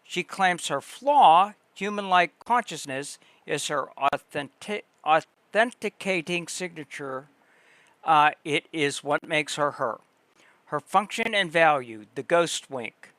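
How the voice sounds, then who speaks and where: A man with a somewhat high voice reads a long passage aloud on his livestream. He goes slowly and deliberately, pausing between phrases. The sound is close and dry. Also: lively intonation, a bit bright, dry recording. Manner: slow, deliberate reading with pauses and restarts. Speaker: livestream host. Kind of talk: reading text aloud on a livestream.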